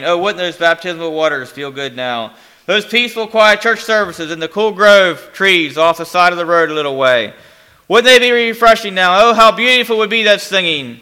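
A man's voice: a little high, normal speed, pushed and bright. A man preaching a dramatic sermon, telling a story with emphatic, rhetorical questions.

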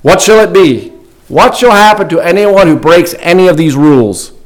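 A man voicing a calm, firm young schoolteacher who speaks in a measured way, inside a story read in a sermon. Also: high-pitched, poor audio.

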